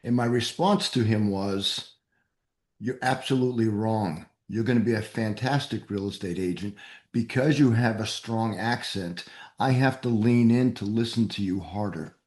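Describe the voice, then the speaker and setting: A man's voice: lowish voice, normal speed, darkish tone, echoey room. A man from New England with a Boston-area accent, hosting a men's group call in an upbeat, encouraging way. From New England, USA. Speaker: host of a men's mastermind group.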